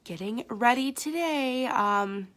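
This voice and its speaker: A woman's voice: on the high side, expressive, takes it slowly, a bit bright. Young woman, nasal from a cold; easygoing chatty beauty-tutorial host talking to viewers. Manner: chatty, greets viewers by name, many fillers. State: slightly sick, nasal. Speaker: makeup artist livestreaming. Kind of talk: casual makeup tutorial chat.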